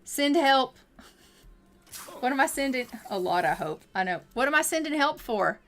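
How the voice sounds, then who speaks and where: Give me a woman streaming a life sim game in chatty, casual gameplay commentary. Her voice is fairly high and bright. She rambles playfully. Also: very animated, a little fast, soft background music.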